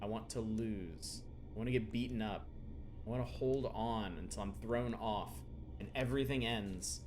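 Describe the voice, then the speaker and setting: A man voicing a gloomy young adult female cat from a game, speaking low, quiet and slow. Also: over music, lightly acted. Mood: brooding. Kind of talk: game dialogue read aloud.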